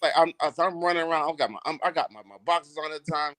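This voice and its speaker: A man's voice: on the high side, quick pace, a bit bright, no echo. A man telling a long, profane story in casual podcast chat, laughing as he goes.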